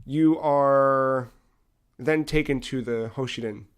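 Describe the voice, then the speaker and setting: A young man co-hosting a casual podcast, retelling a video game story with lively acted-out dialogue and frequent swearing. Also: mid-range voice, slow, clean tone. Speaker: podcast co-host.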